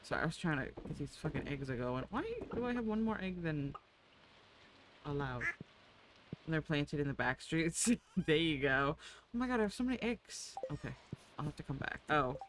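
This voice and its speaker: A woman streamer muses aloud as she plays, her pitch bouncing up and down as she talks. She swears freely and coos at her animals, and a steady layer of noise sits under the voice. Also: rough recording. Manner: chatty, swears freely, coos at pets in game. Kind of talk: casual gameplay chat.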